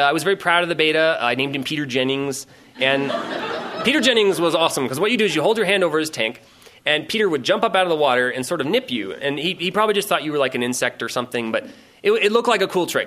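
A man telling a rambling, profane comic story in a casual, animated way. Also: on the high side, fast talker.

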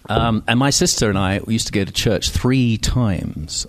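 A man's voice: lowish voice, expressive, unhurried. An older man from Scotland with a received pronunciation accent, telling a personal story at a microphone in a wry, digressive, self-mocking way with many fillers. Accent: received pronunciation English. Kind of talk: storytelling talk. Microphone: microphone on stage.

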